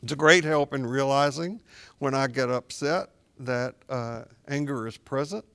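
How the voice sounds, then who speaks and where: Gravelly-voiced man telling gentle stories. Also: mid-range voice, a little slow. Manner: reflective storyteller, gently wry. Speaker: spiritual director. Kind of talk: casual conversation on Buddhism and spirituality.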